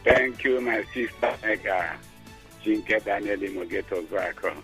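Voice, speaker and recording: A Nigerian man calling into a radio show, talking emphatically and growing excitable. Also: on the low side, measured pace, husky, soft background music. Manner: emphatic, excitable, rising into shouts. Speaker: caller. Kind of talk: phone-in call.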